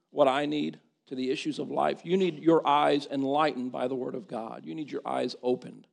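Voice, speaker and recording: A man's voice: fairly high pitch, normal speed, gravelly. A man preaching a sermon, reading scripture aloud and repeating words as he builds to impassioned, rising emphasis.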